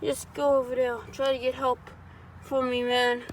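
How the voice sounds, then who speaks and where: A man's voice: very high-pitched, completely flat delivery, normal speed, a little hiss or hum. A man voicing an injured cartoon monkey in a homemade cartoon, speaking in a tired, subdued, sighing way. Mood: weary. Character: hurt, weary cartoon monkey.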